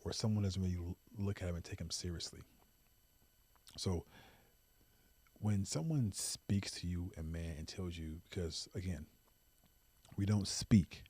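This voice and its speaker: A podcast host with a low, mellow, husky voice delivers an earnest, impassioned talk-show monologue, a little slow and with long pauses. He pleads and repeats points for emphasis, and there's no echo.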